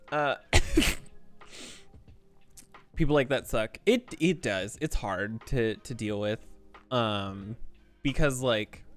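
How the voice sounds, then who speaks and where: A man's voice: fairly low pitch, fairly bright tone, clear, resonant tone. A man streaming a game and chatting casually in a rambling, candid way, full of fillers and restarts. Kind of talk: casual chat while streaming.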